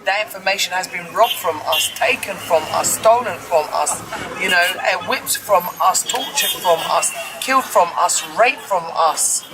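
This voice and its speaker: A woman's voice: fairly low pitch, animated, moderate pace, over music, poor audio. A woman being interviewed outdoors, speaking emphatically and piling up repeated phrases. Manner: emphatic, repetitive lists. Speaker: interviewee, movement founder. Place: outdoors, urban street with traffic. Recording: outdoor street noise.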